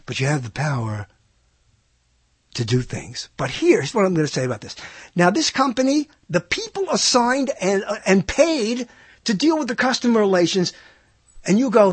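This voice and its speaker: A man's voice: high voice, expressive, normal speed, husky, no echo. A man hosting a radio show, telling a rambling story in a monologue and putting on mock voices for the people in it.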